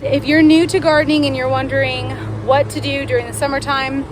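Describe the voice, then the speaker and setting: A woman with a high, bright-pitched voice talks casually through her outdoor garden, explaining each task and correcting herself as she goes. Music plays clearly underneath her talk. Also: level tone, a little fast. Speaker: gardening vlogger.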